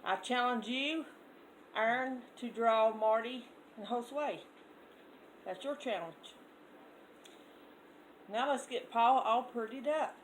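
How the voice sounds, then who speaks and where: A woman in a played video clip, chatting slowly and teasingly while doing makeup on someone. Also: on the high side, slight background noise, rough recording. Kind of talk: casual video chat.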